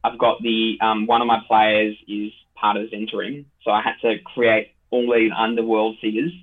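A man's voice: on the low side, level tone, normal speed. A tired man chatting casually as a dungeon master, rambling with lots of fillers and restarts. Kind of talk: casual podcast chat. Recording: tinny phone-like line.

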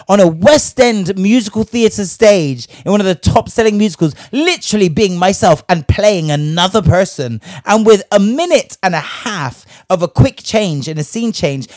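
A young man telling a story in casual chat, brash and profane, ranting with lively energy. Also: fairly high pitch, dry recording, clean studio sound.

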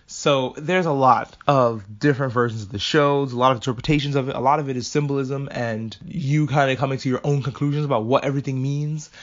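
A man hosting a casual solo podcast review, rambling from point to point, swearing freely and breaking off with laughs. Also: mid-range voice. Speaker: podcast host reviewing anime. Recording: dull lo-fi audio.

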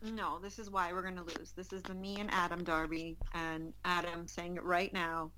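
A woman's voice: on the low side, little pitch movement, moderate pace, pushed and bright, a little hiss or hum, low-quality recording. A woman co-hosting a casual podcast chat. She jokes and teases in a playful way. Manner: teasing, playful banter.

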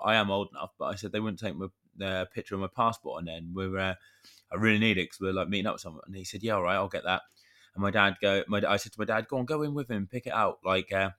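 A podcast co-host in his thirties tells a rambling story in casual chat, chatty and mildly swearing. His voice sits low but comes across pushed and bright.

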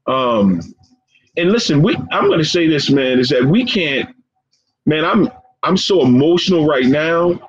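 A man being interviewed as a guest, speaking earnestly and with deep emotion, often repeating phrases and calling his listener "man.". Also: lively intonation, normal speed, a crowd in the background. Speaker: guest, professor and founder of a forgiveness organization. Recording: dull lo-fi sound with faint background noise.

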